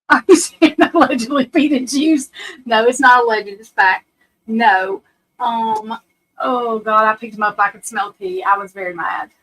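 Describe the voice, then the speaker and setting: High-voiced woman chatting on a live stream. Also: measured pace, fairly bright tone, rough recording. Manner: rambling, laughs often, scolds her dog. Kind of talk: casual live-stream chat.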